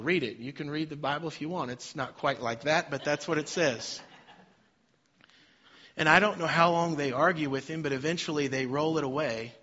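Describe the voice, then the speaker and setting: Bright-voiced man preaching a sermon. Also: on the high side, normal speed, muffled recording. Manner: dynamic preaching with sudden loud and soft swings. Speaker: pastor.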